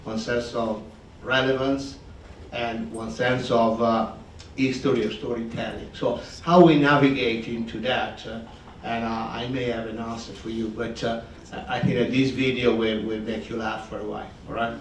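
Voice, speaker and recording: A man's voice: medium pitch, level tone, normal speed, slight background noise. A man moderating a conference session, addressing the audience hesitantly with many fillers. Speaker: event moderator. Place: conference room. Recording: roomy, distant hall mic.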